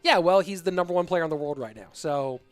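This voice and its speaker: A man casting a live esports match, excitable and rambling, with chatty asides to the viewers. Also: on the high side, quick pace, soft background music. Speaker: esports caster and streamer. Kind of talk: live esports commentary with chat reading.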